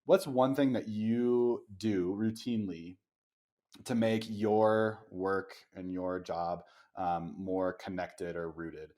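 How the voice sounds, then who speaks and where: A man's voice: deep voice, steady tone, slow, warm tone. Reflective man hosting a podcast. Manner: reflective and encouraging, with many fillers. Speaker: podcast host. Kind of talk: casual conversational interview.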